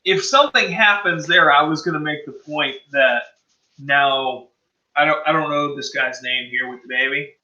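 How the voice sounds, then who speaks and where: A man's voice: a little high, moderate pace, bright, forceful tone, highs cut off. A man playing a tabletop role-playing game, thinking aloud and checking details. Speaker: player. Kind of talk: casual tabletop game chat.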